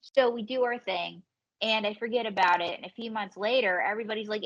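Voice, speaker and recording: A woman comedian and ventriloquist telling lively, swearing anecdotes as a podcast guest. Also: mid-range voice, muffled recording. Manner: animated storyteller, swearing, quick quoted voices. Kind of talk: casual podcast storytelling.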